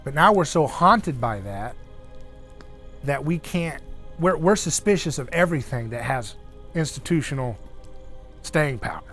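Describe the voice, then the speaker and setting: A man hosting a casual discussion around an outdoor fire, talking in an animated way and acting out the voices he quotes. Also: a little high, a little slow, long pauses, faint music behind. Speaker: host.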